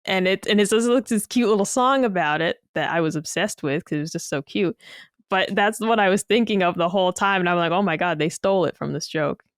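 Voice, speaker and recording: A woman's voice: medium pitch, a little fast, no room sound, clean studio sound. A woman in her thirties, a podcast co-host chatting casually and gushing over an old animation. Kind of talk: casual chat.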